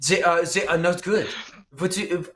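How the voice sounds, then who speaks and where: A soft-spoken, deadpan Frenchman, as a man puts him on, with a put-on French accent and almost no inflection. The voice sits a little high and sounds bright. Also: moderate pace, slight background noise. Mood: deadpan dismissive. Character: quiet deadpan Frenchman who dismisses others.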